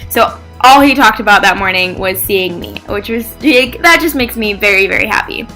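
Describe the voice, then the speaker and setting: A young woman vlogging casually, chatty and animated, often saying "like" and acting out what people said. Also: mid-range voice, moderate pace, faint music behind. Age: young adult. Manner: chatty, animated, says "like" often, acts out quotes. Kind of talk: casual vlog storytelling.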